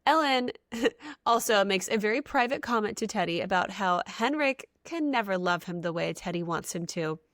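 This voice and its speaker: A woman co-hosts a book podcast and chats casually through her recap. Her voice is lively and swoops up and down, and she laughs easily. The recording is dry and close. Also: mid-range voice, normal speed, dry recording. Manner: animated, giggly recaps. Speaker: podcast co-host.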